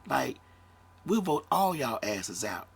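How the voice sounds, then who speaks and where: A man's voice: mid-range voice, big pitch swings, slow, creaky, husky. A man in his fifties, a podcast host, talking bluntly in a casual monologue and swearing freely. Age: 50s. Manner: blunt, profane, conversational.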